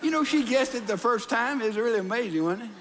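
An older man, a pastor, preaching an animated sermon in a church and acting out voices, with hushed asides. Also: very high voice, fast, a little hiss or hum. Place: church sanctuary. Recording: long hall reverb.

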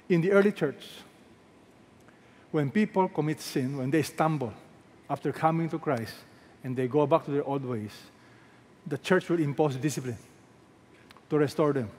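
A Filipino-accented man's voice, on the high side with a breathy edge, moves at a moderate pace and pauses often. He is a pastor preaching emphatically in a large church hall, repeating phrases and peppering the congregation with rhetorical questions. Long hall reverb colors the recording.

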